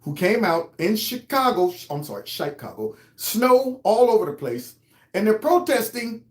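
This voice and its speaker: The man's voice sits high and sing-song at a moderate pace as he hosts his own political commentary show. His delivery is heated and sarcastic, mocking as he goes, against a roomy echo.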